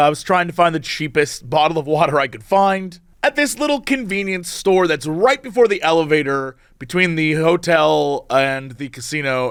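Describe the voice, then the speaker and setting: On this podcast, a male co-host with a clean, highish voice spins stories amid plenty of laughter, animated and casual throughout. It's clean studio sound with no echo.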